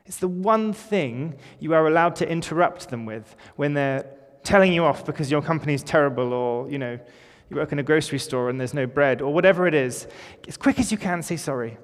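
Male pastor, slightly high voice, chatty sermon delivery with gentle humor, long church reverb. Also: fairly quick, few pauses. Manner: informal, conversational preaching with light jokes.

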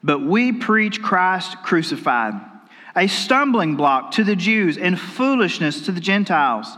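A man preaches a sermon in a folksy, storytelling way, often circling back to restart his sentences. His voice sits high for a man. It rings with the long reverb of a church hall. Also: big pitch swings, measured pace, pushed and bright. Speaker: pastor. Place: church sanctuary.

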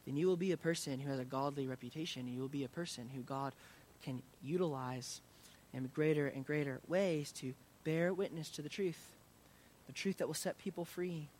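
Earnest, fairly high-voiced male pastor. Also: slight background noise. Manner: earnest, builds in intensity then drops soft in prayer. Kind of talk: sermon.

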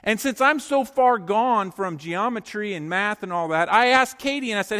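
A middle-aged man preaching a sermon to his congregation as their pastor. He tells stories in a lively, joking way and talks straight to the people in the pews. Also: high-pitched, unhurried, in a large hall. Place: church sanctuary.

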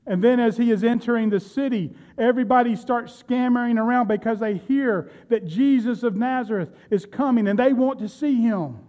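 High-voiced preacher telling a Bible story. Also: male voice, moderate pace, few pauses, darkish tone. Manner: storytelling preacher, addresses congregation directly. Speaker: pastor. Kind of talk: sermon.

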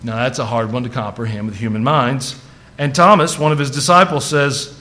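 A man's voice: mid-range voice, moderate pace, bright, forceful tone. A man preaching a sermon to his congregation, talking casually and building to fervent emphasis on scripture. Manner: conversational, rising to fervent emphasis. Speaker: pastor.

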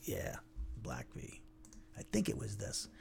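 A man's voice: on the low side, huge pitch swings, slow, vocal fry, a little mellow, slightly rough, faint music behind. A man teaching an informal Bible lesson, conversational and digressive, thinking aloud as he goes.

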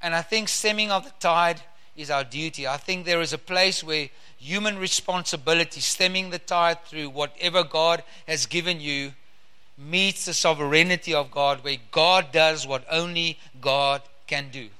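Male preacher; high, bright voice; fervent scripture reading, stretches key words. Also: moderate pace, clear, resonant tone.

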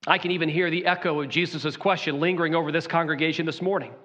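Man, Southern accent, pastor, sermon, high-pitched, emphatic with dramatic pauses. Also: steady tone, a bit bright, highs cut off. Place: church sanctuary.

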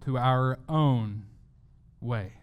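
A man's voice: medium pitch, extremely slow, clean tone, narrow, tinny audio. A man preaching a sermon as pastor, earnest, often repeating words as he stresses a point.

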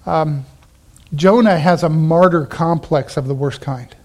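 A man pastor preaching a sermon, animated, acting out the Bible characters in quick asides. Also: on the high side.

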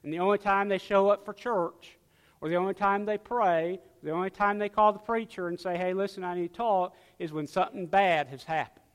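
A male pastor preaching a sermon, swinging from loud emphatic lines to hushed ones. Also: sits high, fairly quick, long reverb tail.

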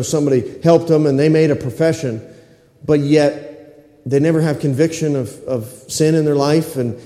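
Echoey, warm-voiced man preaching a sermon. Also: a little high. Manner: emphatic, repetitive, asks the congregation for responses. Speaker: pastor. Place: church sanctuary. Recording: echoey hall reverb.

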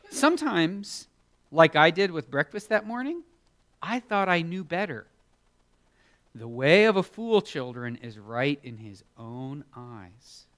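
A man giving a children's sermon, animated and expressive, acting out Bible characters in playful voices. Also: medium pitch. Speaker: children's preacher.

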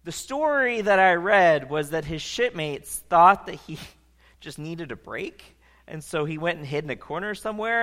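A man preaching in a large hall, spinning a story with a bright, forceful voice that swoops up and down. His pitch sits a little high, and a long reverb trails each phrase. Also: moderate pace. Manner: animated, conversational storyteller. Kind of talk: storytelling sermon.

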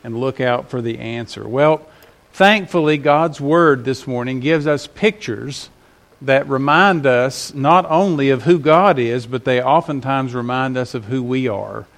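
A man's voice: mid-range voice, measured pace, a bit bright. A man preaching a Sunday sermon to his congregation, conversational and rising in emphasis on key points. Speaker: pastor.

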